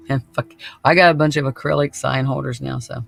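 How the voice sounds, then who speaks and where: A man's voice: mid-range voice, creaky, a bit bright, no echo. A man hosting a podcast in casual chat, laid-back and laughing often, swearing freely. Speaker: podcast host.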